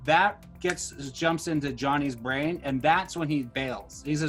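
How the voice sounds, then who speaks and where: A man's voice: on the high side, a little slow, few pauses, fairly bright tone, faint music behind. A man co-hosting a casual discussion of a TV series, retelling scenes with energy and acting out the characters' lines. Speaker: podcast co-host.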